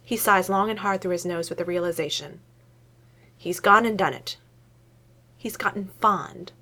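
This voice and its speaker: A woman reading fiction aloud in an expressive storytelling manner. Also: mid-range voice, moderate pace. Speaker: story reader.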